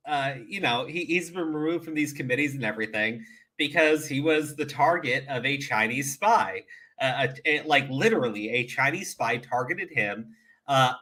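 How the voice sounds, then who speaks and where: A man's voice: mid-range voice, sharp tone. A man giving casual, profane reaction commentary, often laughing and restarting his sentences. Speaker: commentary streamer.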